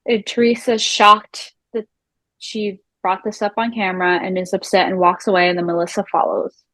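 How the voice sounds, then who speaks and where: A young woman co-hosting a recap show talks through reality TV in a loose, animated chat, swearing freely and mimicking the voices of the people she describes. Her pitch is middling and her pace normal. The rough recording sounds dry and close, with no echo or room around it.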